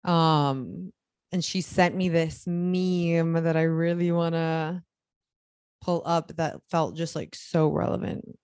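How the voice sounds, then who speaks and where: A woman's voice: deep voice, steady tone, slow pace, darkish tone, clear, resonant tone, dry recording, studio quality. A young woman co-hosting a casual chat podcast, telling stories in a chatty way and laughing as she talks. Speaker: podcast co-host.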